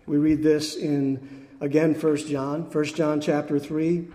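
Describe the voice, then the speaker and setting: A man preaching a sermon in an earnest, emphatic way, slowing on key phrases and dropping soft at the ends. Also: fairly high pitch, level tone. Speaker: pastor. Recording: echoey hall with long reverb.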